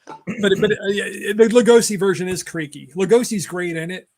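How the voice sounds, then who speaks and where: A man's voice: high voice, moderate pace, a little mellow. A man hosting a casual film discussion, rambling through film trivia with many fillers and restarts. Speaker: podcast host.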